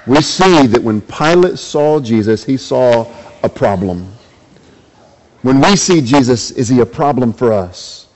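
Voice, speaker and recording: A man's voice: slight background noise, poor audio. A man preaching a sermon, reading scripture and asking his listeners repeated rhetorical questions. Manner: rhetorical questions, acts out quoted lines with rising pitch. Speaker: pastor.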